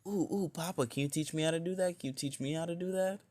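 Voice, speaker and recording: A man voicing an excited, innocent little girl in a high, squealing childlike voice. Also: slow pace, no room sound. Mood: eager.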